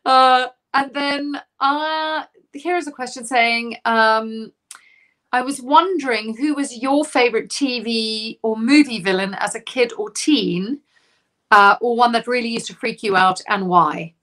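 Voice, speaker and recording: A bubbly woman hosts a casual interview, laughing often as she chats with her guest. Her voice sits a little high and sounds bright and crisp. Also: measured pace. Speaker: host.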